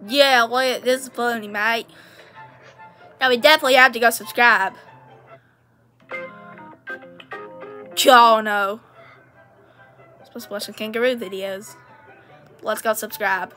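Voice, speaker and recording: A woman's voice: fairly high pitch, fairly even intonation, normal speed, long pauses, sharp tone, soft background music. A woman playing the country Australia as a character in a playful home role-play, rambling and ending nearly every sentence with "mate". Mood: excited.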